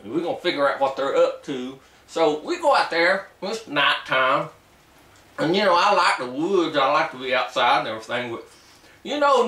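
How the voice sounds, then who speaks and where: A man's voice: fairly high pitch, fairly bright tone, recorded from a distance. A man doing a boastful, simple-minded backwoods ex-soldier. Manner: rambling folksy storytelling, ungrammatical rural dialect. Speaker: comic character. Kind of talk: comic character monologue. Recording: roomy echo, voice away from the mic.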